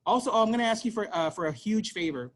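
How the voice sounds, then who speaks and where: Fast-talking man leading an online workshop. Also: high-pitched, expressive. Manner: talks fast, conversational, many fillers and "right?". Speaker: parent workshop presenter. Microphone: video call.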